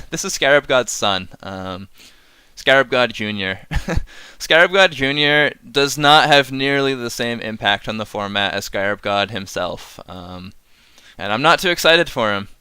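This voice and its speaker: A man's voice: medium pitch, pushed and bright, smooth, no room sound. A man casually reviewing game cards on a live stream, rambling and chuckling as he chats with viewers.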